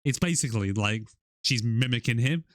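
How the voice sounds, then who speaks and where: A man's voice: mid-range voice, expressive, normal speed, no echo, clean studio sound. A man co-hosting a movie podcast, rambling and sweary in casual chat. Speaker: podcast co-host.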